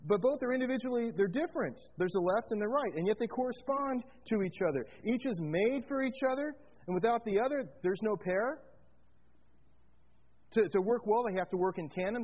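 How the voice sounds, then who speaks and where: This muffled clip has a man with a high voice preaching briskly. As pastor, he guides the congregation through a Bible passage with animation, posing questions to them and slipping in jokes.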